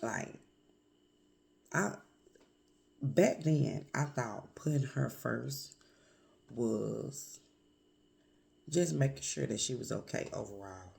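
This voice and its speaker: A woman vlogger with a hoarse voice from a cold, speaking candidly and reflectively in a confessional vlog, with many pauses and fillers. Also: a bass voice, darkish tone, slight background noise.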